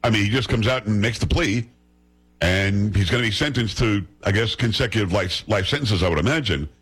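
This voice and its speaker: A man hosts a talk radio show, and his words come quick and blunt. His voice is husky. He teases the people in the studio with him. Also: lowish voice, fairly bright tone. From United States. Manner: blunt, fast-talking, teasing. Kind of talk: opinionated talk radio commentary.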